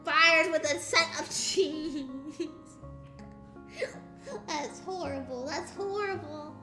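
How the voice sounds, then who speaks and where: Excitable young woman streamer, high and bright, roomy echo. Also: slow, soft background music. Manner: excitable, exaggerated disbelief. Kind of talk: casual live-stream chat.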